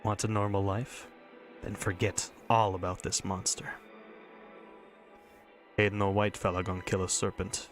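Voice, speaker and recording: A man reading a visual novel, voicing a gruff old drunk who speaks in clipped broken English and keeps calling her little one. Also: deep voice, level tone, unhurried, pauses often, soft background music. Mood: dismissive.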